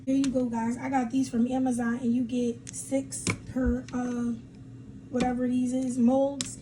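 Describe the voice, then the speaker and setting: A woman's voice: high voice, little pitch movement, a little slow, noisy background. A young adult woman vlogging at home, chatting casually and demonstrating a product, rambling and laughing often. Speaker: beauty vlogger. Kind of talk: casual chat and product demo.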